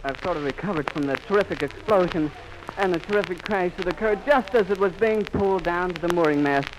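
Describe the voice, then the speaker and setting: A man's voice: sits high, brisk. A man reporting live outdoors for radio in a florid announcer style, heard on a 1930s archive recording. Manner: frantic, sobbing, breathless outcry. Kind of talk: live on-the-spot radio commentary. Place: outdoors at an airfield in rain. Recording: 1930s archive recording with faint rain noise.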